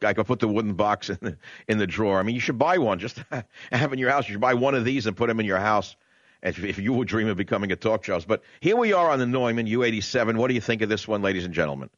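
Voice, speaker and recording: Brash New York talk radio host. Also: male voice, on the low side, animated, dry recording, muffled recording. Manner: brash, conversational, drawn-out emphasis. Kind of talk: opinionated talk radio monologue. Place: radio studio. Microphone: studio condenser microphone.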